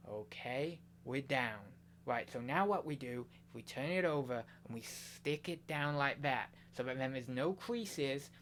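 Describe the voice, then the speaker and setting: A man's voice: mid-range voice, fairly bright tone, slight background noise, lightly acted. A man doing a put-on American accent, playing a mock-serious man explaining step by step how to pack a parcel. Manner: slow, over-explaining, mock tutorial tone.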